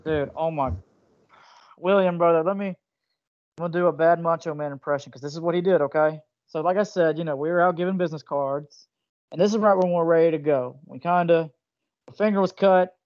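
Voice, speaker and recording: A man co-hosting a casual podcast interview, with a high voice and an animated, slangy way of telling stories. The sound is dull and lo-fi. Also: a little fast, no room sound. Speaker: podcast co-host.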